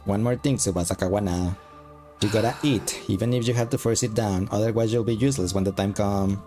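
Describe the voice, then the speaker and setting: A man voicing a bitter, guilt-ridden male demon soldier who swears constantly in a flat monotone while reading game dialogue aloud. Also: fairly low pitch, brisk, soft background music, close to an everyday voice. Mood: commanding.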